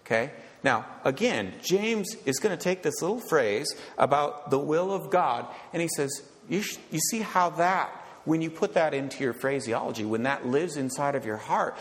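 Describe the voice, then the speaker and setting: A man's voice: fairly high pitch, lively intonation, measured pace, fairly bright tone. A male pastor giving an emphatic sermon, often asking rhetorical questions and checking in with "okay?". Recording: long reverb of a large hall.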